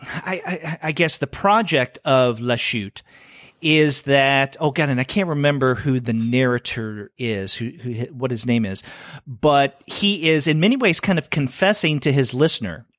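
Speaking a little slowly in a medium-pitched, slightly bright voice, this middle-aged podcast co-host reviews comics in a casual chat. He thinks out loud, using fillers and restarting sentences. It's studio-quality audio with no room sound.

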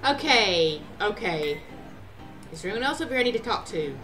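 A woman playing a video game and commenting in a chatty, excitable way, often talking to the characters. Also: medium pitch, a little fast, soft background music. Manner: chatty, excitable, talks to her game cat. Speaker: let's play gamer. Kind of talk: let's play commentary.

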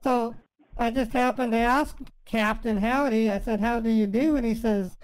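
A man's voice: very high voice, steady tone, moderate pace, clear, resonant tone, no echo. A man voicing a fragile, rambling woman who sobs with grief and then chatters on sweetly. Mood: chatty, sweet. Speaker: scambaiter.

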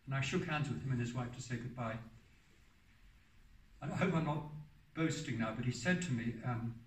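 A man's voice: mid-range voice, moderate pace. Older man telling stories in a roomy hall. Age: 70s. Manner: rambling, often restarts and corrects himself. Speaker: hermit giving a public talk. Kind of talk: anecdotal storytelling talk. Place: hall for a public talk. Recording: roomy sound from a distant mic.

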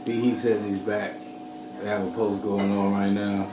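A man's voice: lowish voice, little pitch movement, moderate pace. Casual man interviewer, roomy and distant. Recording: echoey room, distant mic, noisy.

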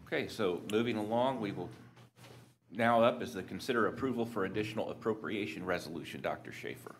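Man, very deep voice, board president running votes, formal procedural phrasing, faint background hum. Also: a little fast. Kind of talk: chairing a board meeting. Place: meeting room.

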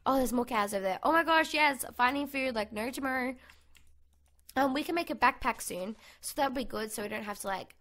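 An Australian woman giving bubbly, excitable, chatty commentary over her own gameplay, recorded at home on a desk microphone. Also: sits high, brisk. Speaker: gaming YouTuber. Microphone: USB condenser mic on a desk.

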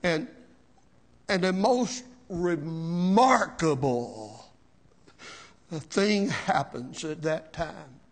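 A man preaching a sermon as pastor, slow and emotional, with rising shouted cries and repeated words. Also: a little high, lively intonation. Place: church sanctuary.

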